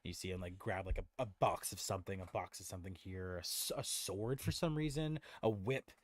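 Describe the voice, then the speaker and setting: A man's voice: low voice, fairly quick. A man narrating as game master in a tabletop game, rambling with many restarts.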